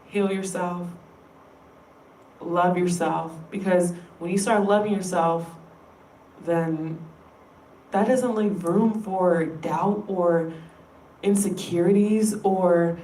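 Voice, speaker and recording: A woman's voice: on the low side, fairly even intonation, slow pace, long pauses, dark tone, distant mic, slight background noise. A woman in a casual, rambling monologue, emphatic and profane. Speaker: vlogger. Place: room in an indoor workplace building. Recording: echoey room, voice away from mic.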